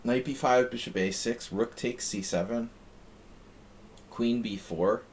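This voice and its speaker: A man's voice: mid-range voice, a little slow, a little hiss or hum. A man streaming chess, chatting casually and reading his moves aloud as he thinks. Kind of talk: casual live-stream chat while playing.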